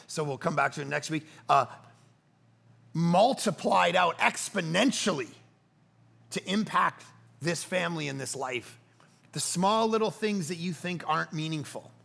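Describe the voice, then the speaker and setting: A middle-aged man preaching a sermon as pastor, telling stories with animated swings between loud bursts and hushed, quiet passages. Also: a little high, vocal fry.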